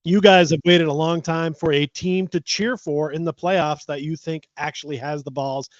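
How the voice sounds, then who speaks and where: A man's voice: fairly high pitch, steady tone, moderate pace, no room sound. A man co-hosting a casual sports podcast, bantering and joking as a fan. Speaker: podcast co-host. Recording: slightly dull lo-fi mic.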